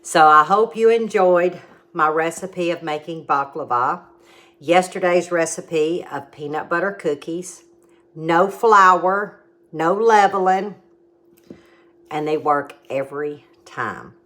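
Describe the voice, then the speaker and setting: During a homey cooking demo and tasting, a middle-aged woman speaks in a drawl with a low, unhurried voice that has a fairly bright tone. She chats along and patiently explains each step.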